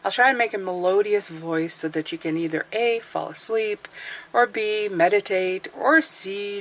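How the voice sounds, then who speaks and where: A woman's voice: medium pitch, normal speed, fairly bright tone, slight background noise. A woman tarot reader hosting her channel, talking in a casual, rambling, chatty way. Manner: rambling, talkative, self-deprecating.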